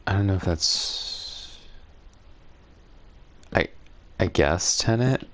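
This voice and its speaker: A man's voice: sits low, expressive, extremely slow, fairly bright tone. A man rambling sarcastically through an indignant story while gaming, laughing often. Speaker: gaming streamer. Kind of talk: casual storytelling while playing.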